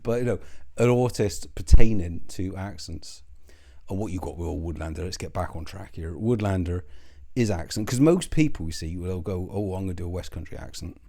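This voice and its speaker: Rambling, sweary, low-voiced man. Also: brisk, vocal fry, mellow. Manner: sardonic, rambling, self-interrupting. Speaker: commentary channel host.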